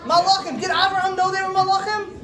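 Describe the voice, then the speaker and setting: A woman telling a story to children in a synagogue hall, animated and stopping to ask them questions. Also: extremely high pitch, fast, crowd noise. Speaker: storyteller at a children's learning program. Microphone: distant room mic. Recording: roomy hall from far off, faint ambience.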